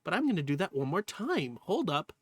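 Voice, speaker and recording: A man's voice: on the high side, sing-song, a little fast, fairly bright tone, husky, dry recording, studio quality. A male streamer chatting casually to viewers while reacting to a video, laughing often, swearing freely and exclaiming at what he sees. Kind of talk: casual livestream reaction chat.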